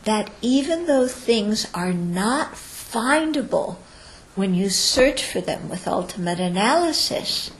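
A woman gives a dharma talk to students in a mid-range voice, animated yet slow, explaining things step by step and frequently checking in with "okay?". The space has a roomy echo.

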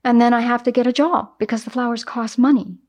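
A woman teaching Buddhism in a dharma talk, animated and acting out everyday examples. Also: fairly high pitch, fast.

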